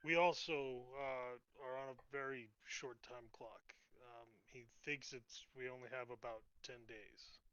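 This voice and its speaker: A man's voice: medium pitch, fairly even intonation, measured pace, few pauses, fairly bright tone, smooth, muffled recording. A man playing a tabletop game, talking casually in a chatty, upbeat way. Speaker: player.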